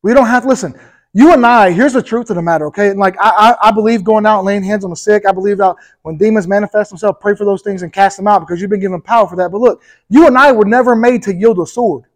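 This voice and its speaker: A man with a high voice delivers a sermon to a congregation. His preaching is emphatic and builds energy, and he keeps addressing the listeners directly, asking if they are following along. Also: fast, low-quality recording. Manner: addresses the congregation directly, with repeated "okay?" and "right?". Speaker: pastor.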